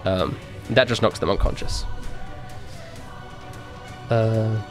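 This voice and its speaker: A man's voice: lowish voice, slow, music in the background. A man running a tabletop game as game master, casually describing the action and the rules.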